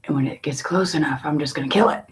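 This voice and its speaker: A woman tarot reader in a casual spiritual talk, musing in a slow, meandering way with long pauses. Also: deep voice.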